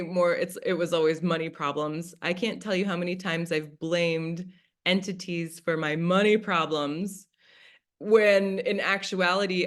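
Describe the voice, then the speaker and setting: A woman facilitator teaching in a casual, chatty way, often acting out her own past thoughts as quoted asides. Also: on the low side. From United States. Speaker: class facilitator.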